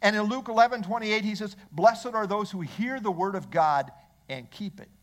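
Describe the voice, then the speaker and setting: A man's voice: high voice, moderate pace. A male pastor preaching a sermon in church, asking the congregation rhetorical questions.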